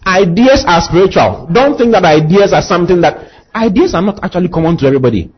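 Husky-voiced man preaching with call-and-response. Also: sits high, lively intonation, fast talker, highs cut off. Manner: call-and-response preaching, rising to impassioned emphasis. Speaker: pastor. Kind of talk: sermon.

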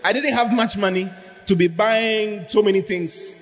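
A man preaching a sermon as pastor, humorous and animated, drawing responses from the congregation. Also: high-pitched, moderate pace. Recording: echoey hall, faint background noise.

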